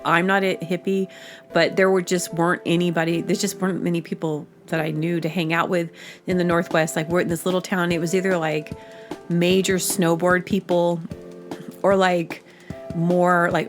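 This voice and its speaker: A woman hosting her own show, telling a story in a loose, chatty way full of fillers and self-corrections. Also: lowish voice. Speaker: podcast host. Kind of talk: casual storytelling monologue.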